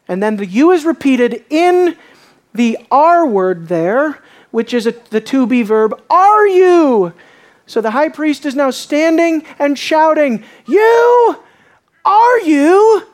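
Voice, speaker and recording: Slow, emphatic woman preacher. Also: high voice, animated. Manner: emphatic, swells from quiet to shouting. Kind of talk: sermon.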